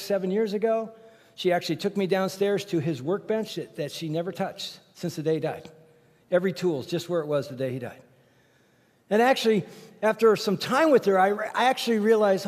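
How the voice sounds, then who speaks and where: A middle-aged pastor preaching with a high, bright voice for a man, trading jokes and playful competitive jabs with the congregation. His words carry a long tail of reverb from the large church auditorium. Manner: animated, joking, competitive banter with the crowd. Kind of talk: sermon with personal storytelling.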